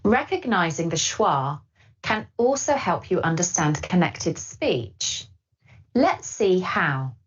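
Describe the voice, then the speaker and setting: A woman teaching English pronunciation in scripted narration, speaking slowly and clearly and modelling phrases for learners. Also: on the low side. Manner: slow, clear, lively intonation with model phrases. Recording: slightly dull lo-fi audio.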